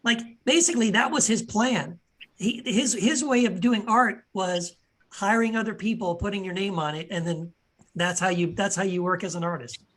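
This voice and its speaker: A man co-hosting a podcast who tells stories in a lively, animated way and repeats himself as he restarts his sentences. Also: sits high, normal speed. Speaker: podcast co-host. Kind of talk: casual conversation, telling anecdotes.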